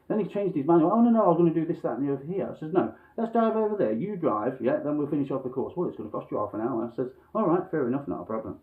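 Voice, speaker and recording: A man telling a frustrated story to his viewers in blunt, sweary casual talk with chuckles, recorded at home. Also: mid-range voice. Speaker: vlogger. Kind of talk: casual ranting monologue. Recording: phone-like lo-fi sound.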